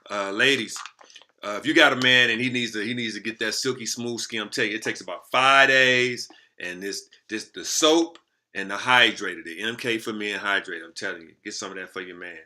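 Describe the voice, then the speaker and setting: A man telling a story to the camera in casual, slangy talk, lively and animated. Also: fairly low pitch, a little fast. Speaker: motivational speaker.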